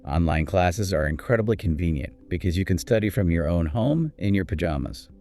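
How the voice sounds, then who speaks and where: A man co-hosting a scripted English speaking lesson, with clear, encouraging teacher delivery. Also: low voice, expressive, a little fast, dark tone, soft background music. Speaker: co-host of an English speaking course.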